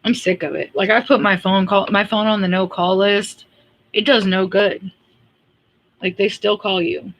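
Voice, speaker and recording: A woman chatting on a casual livestream, blunt and exasperated, venting at length with laughs breaking in. Her voice sits at an everyday middle pitch. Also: little pitch movement, normal speed, a little hiss or hum. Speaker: livestream host.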